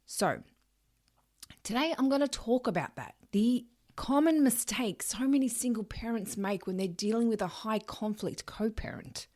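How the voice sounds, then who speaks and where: A woman's voice: a little high, lively intonation, normal speed, a little mellow. A woman hosting a solo podcast, talking emphatically and acting out people's thoughts. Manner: emphatic, acts out quoted thoughts of others. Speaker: podcast host.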